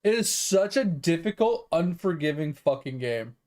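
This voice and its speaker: Speaking in a sing-song way at a moderate pace, this streamer has a fairly high, darkish voice. He chats casually while gaming, wandering off topic with plenty of "like" and "um" fillers and some occasional swearing.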